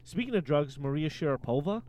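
A man co-hosting a casual podcast, telling jokey sports stories and rants in an animated way. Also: a little high, brisk. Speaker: podcast co-host.

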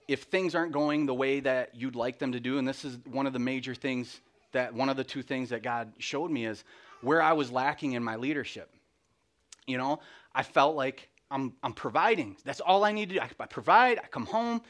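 A man's voice: mid-range voice, a bit bright. A middle-aged man giving a candid, self-deprecating personal testimony in church, full of restarts and little laughs. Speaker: lay speaker.

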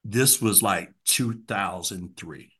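A man in his sixties, a guest in an interview, telling his story earnestly and reflectively, often dropping to a soft, quiet voice. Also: low voice, takes it slowly, husky. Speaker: guest, formerly incarcerated man.

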